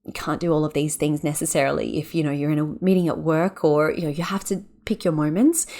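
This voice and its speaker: A woman hosting a podcast who speaks with gentle, soothing guidance, leading a breathing exercise and talking with lively energy between exercises. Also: low-pitched. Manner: gentle, soothing, unhurried guiding; animated and quick when excited. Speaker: podcast host and yoga teacher. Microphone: podcast microphone.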